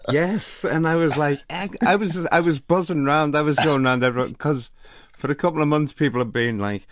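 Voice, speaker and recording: A man's voice: on the high side, brisk, dry recording. An older man with a Liverpool accent telling stories in a casual radio conversation, acting out what people said. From Liverpool, England. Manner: animated storyteller, acts out quoted exchanges. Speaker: interviewer.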